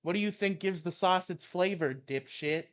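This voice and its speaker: A young man with a fairly high voice reads a comic rant aloud to his co-host. He hams up the outrage and keeps breaking into laughter. The talk is loose and chatty. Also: normal speed, fairly bright tone. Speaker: co-host reading an article aloud. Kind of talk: casual chat and comic dramatic reading.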